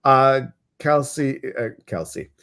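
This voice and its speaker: Hosting a casual livestream chat, this man speaks with a Midwestern American accent, full of fillers and restarts in an animated delivery. His voice sits at a medium pitch and sounds smooth, and he takes his time.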